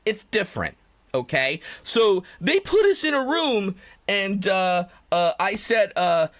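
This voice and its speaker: A man's voice: high voice, big pitch swings, a little slow, fairly bright tone. A man live streaming, ranting in a rambling, profane, self-pitying way and breaking into laughter. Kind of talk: comedic live-stream rant.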